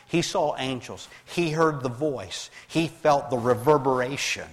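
A man preaching a sermon, reading scripture aloud and explaining it, with many restarts and swings between raised readings and quiet asides. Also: mid-range voice, lively intonation, a little slow, long reverb tail. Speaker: pastor.

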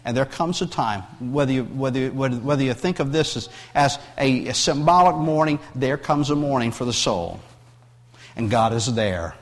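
A middle-aged male pastor with a medium-pitched voice preaches at a normal speed in a large hall. He often repeats words and restarts phrases, shifting between hushed, tender passages and raised, emphatic readings of scripture.

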